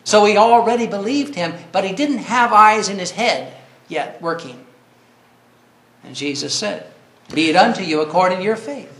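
A man's voice: sits high, expressive, normal speed, a bit bright, roomy sound. A man preaching a sermon earnestly, reading scripture and rising to cries when he quotes.

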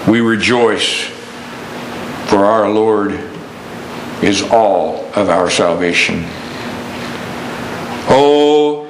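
A man preaching a sermon, telling a story and rising into excited preaching. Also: medium pitch, unhurried, echoey room, noisy background.

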